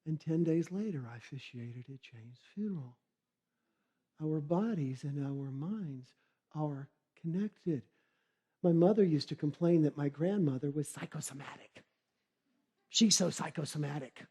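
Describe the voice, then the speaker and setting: Lively middle-aged keynote storyteller. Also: male voice, on the high side, unhurried, breathy edge. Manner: lively storytelling, acts out characters. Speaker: keynote speaker. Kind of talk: humorous motivational keynote.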